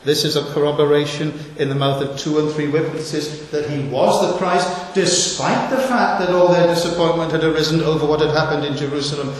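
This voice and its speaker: A man preaches through a Bible passage, his rather high voice pressing hard on key words and asking questions aloud. He is heard in a very echoey hall with a long reverb tail and a faint hiss behind him. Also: fairly even intonation, fairly quick, hardly any pauses. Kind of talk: sermon.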